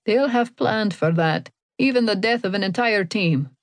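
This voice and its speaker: A woman doing a calm old German-accented agent. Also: mid-range voice, no room sound, natural voice. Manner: calm, even, measured.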